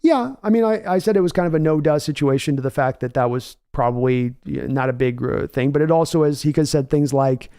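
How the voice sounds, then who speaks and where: Male host, fairly high-pitched and mellow, casual stream talk, reads chat and riffs in a folksy, drawn-out way. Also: clear, resonant tone. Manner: conversational, reads viewer comments aloud and answers them. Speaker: podcast host reading chat.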